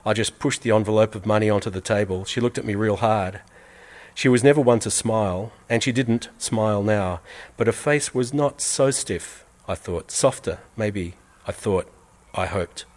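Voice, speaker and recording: Brief: man, fairly deep voice, earnest measured storytelling read aloud. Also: darkish tone. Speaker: reader. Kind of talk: reading a first-person story aloud.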